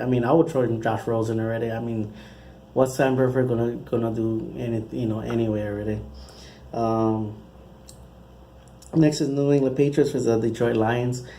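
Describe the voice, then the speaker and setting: Mellow-voiced man rambling through picks. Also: medium pitch, a little hiss or hum. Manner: rambling, conversational, frequent restarts. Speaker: channel host giving football picks. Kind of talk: casual spoken predictions.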